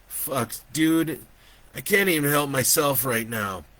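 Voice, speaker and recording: A man's voice: mid-range voice, takes it slowly, bright, forceful tone, pitched above the performer's own voice. A man voicing a hungover, foul-mouthed grown man who swears and stammers in panic. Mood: exasperated.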